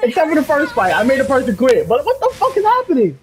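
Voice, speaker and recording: A young woman loudly commentating her own gameplay, cursing and yelling at her opponents. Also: high-pitched, huge pitch swings, quick pace, a little hiss or hum. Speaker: gaming streamer. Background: game music.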